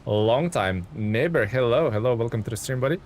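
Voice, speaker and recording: A man's voice: medium pitch, animated, a little fast, darkish tone, a little hiss or hum. A man live-streaming a truck game, chatting to viewers, thanking them and thinking aloud with ums and chuckles. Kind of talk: live gameplay stream commentary.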